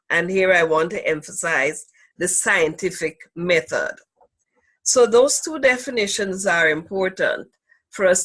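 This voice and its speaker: A woman teaching an online class, speaking slowly and deliberately and stressing key words, over a video call. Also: mid-range voice, fairly bright tone. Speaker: instructor.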